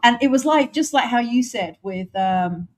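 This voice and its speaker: A woman's voice: on the high side, expressive, moderate pace. An English woman co-hosting a casual podcast, teasing and laughing through the banter. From England. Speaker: podcast co-host. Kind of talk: casual chat.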